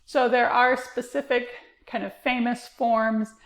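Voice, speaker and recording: Woman lecturing with a gravelly, echoey voice. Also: fairly high pitch, flat delivery, a little slow. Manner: explanatory, many fillers like uh and um. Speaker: literature teacher. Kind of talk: recorded lecture.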